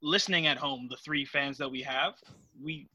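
A man co-hosting a casual podcast chat, animated and teasing, laughing often. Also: medium pitch, moderate pace, slightly rough, no room sound. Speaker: podcast co-host.

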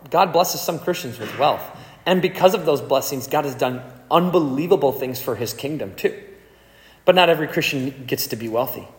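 A man preaching a sermon as pastor, indignant and impassioned, with sudden forceful peaks. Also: mid-range voice, sing-song, moderate pace. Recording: echoey hall with long reverb.

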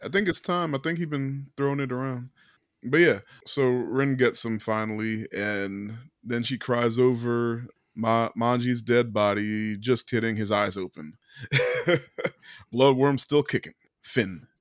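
A man's voice: mid-range voice, steady tone, measured pace, no echo, studio quality. A laid-back man hosting a movie podcast, steering the discussion and recapping the plot. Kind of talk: casual movie review chat.

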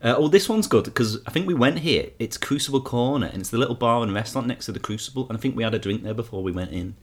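A man's voice: mid-range voice, lively intonation, quick pace, slightly rough. A man hosting a podcast in casual chat, easygoing as he sets up each segment. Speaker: podcast host.

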